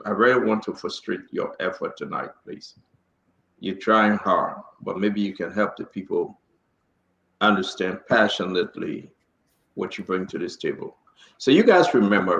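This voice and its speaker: A man's voice: low voice, gravelly, fairly bright tone. A man hosting a live political talk show, emphatic and pleading, repeating himself for effect. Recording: roomy echo.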